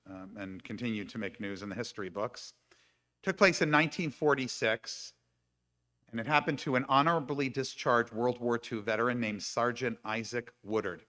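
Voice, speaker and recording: A man speaking at a live-streamed congregation service, his voice bright and clear. He reads book passages aloud and breaks in with his own comments and small laughs. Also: medium pitch. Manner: reads quoted passages with asides and light laughs. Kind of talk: reading aloud and commenting in a talk.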